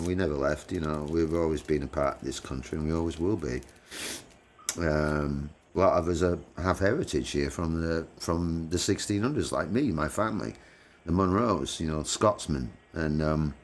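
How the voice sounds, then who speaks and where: An English man living in the United States hosts a livestream, chatting casually with viewers, laughing often and swearing freely. His voice is very deep and moderately paced, with slight background noise.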